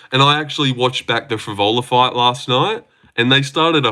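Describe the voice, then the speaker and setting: Aussie guy rambling on a livestream, bright voice, swears a lot, blunt. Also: mid-range voice, expressive, normal speed. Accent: Australian. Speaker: MMA predictions livestreamer. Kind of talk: casual livestream chat reading viewer comments.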